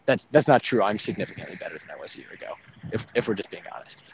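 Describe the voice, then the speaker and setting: A man's voice: fairly low pitch, lively intonation, very fast, vocal fry. A young man in casual faith conversation, talking animatedly with many fillers and laughs, outdoors near traffic. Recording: dull lo-fi sound with faint traffic noise.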